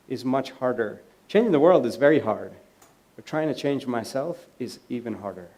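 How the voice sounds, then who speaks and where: A man giving a conference keynote in a lecture hall, telling stories conversationally and dropping to a quiet voice for quoted lines. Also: medium pitch. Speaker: keynote speaker.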